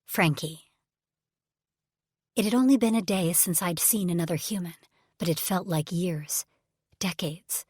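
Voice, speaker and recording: Female audiobook narrator, husky and breathy, emotional first-person reading. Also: on the low side, unhurried, pauses often, a little mellow, dry recording, clean studio sound. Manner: emotional first-person storytelling, drops to whispers. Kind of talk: scripted narration.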